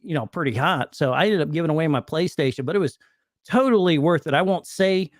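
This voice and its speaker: A man telling stories in a casual stream chat, his fairly high voice swinging widely in pitch. He keeps it animated and loose, and the sound is dry and close. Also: a little fast, no room sound. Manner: storytelling, laughs between lines. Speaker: co-host.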